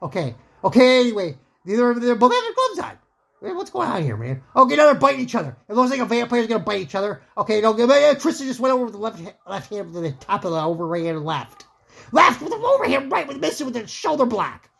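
Woman podcaster, mock fight commentary, gravelly husky voice, swings wildly in pitch, rambling and whooping. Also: fast talker. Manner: rambling, excitable, whooping and laughing at her own jokes. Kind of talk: joking amateur play-by-play commentary.

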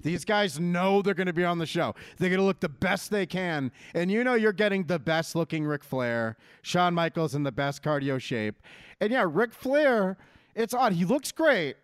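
A brash man chatting in a casual, teasing way with plenty of swearing. His voice sits a bit high, and the sound is dry and close. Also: expressive, normal speed, clean tone, no echo. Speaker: podcast co-host. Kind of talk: casual wrestling chat.

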